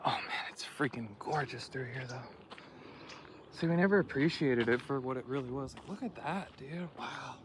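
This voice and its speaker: A man's voice: mid-range voice, moderate pace. Laid-back man vlogging on a trail. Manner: rambling and laid-back, full of slang like "dude". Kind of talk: casual vlog narration while hiking. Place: outdoor hillside trail. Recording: noisy outdoor recording.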